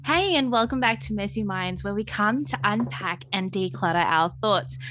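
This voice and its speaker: A woman's voice: mid-range voice, animated, moderate pace, a bit bright. A woman, co-hosting a podcast, upbeat and welcoming. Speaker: podcast co-host. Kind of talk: podcast chat.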